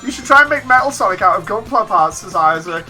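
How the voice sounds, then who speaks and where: A woman streaming a game, chatting casually with her viewers and reading their chat messages out loud. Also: medium pitch, animated, fast talker. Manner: reads chat messages aloud, chatty and laughing. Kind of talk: casual gameplay stream commentary. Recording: faint game music behind.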